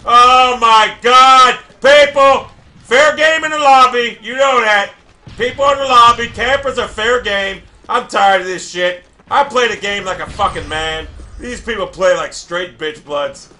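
A man giving profane gameplay commentary, loudly raging and shouting at other players. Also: very high voice, a little slow. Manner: shouts in bursts of frustration. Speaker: gamer.

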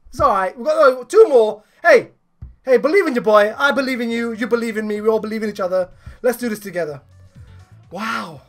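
A man co-hosting a gaming channel, giving excited commentary while summoning in a mobile game, hyped and shouting when thrilled. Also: very high voice, a little fast, soft background music.

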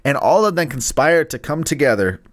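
A man's voice: on the high side, expressive, moderate pace. A man hosting a live-streamed Bible study, reading aloud alone in a room into a microphone, laid-back and chatty, stumbling over hard names and laughing at his own jokes. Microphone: studio microphone.

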